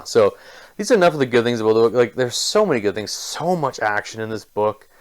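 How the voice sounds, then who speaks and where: Male book reviewer, casual and effusive, mid-range pitch, clear resonant tone. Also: lively intonation, a little fast. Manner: enthusiastic, gushing, heavy use of filler words.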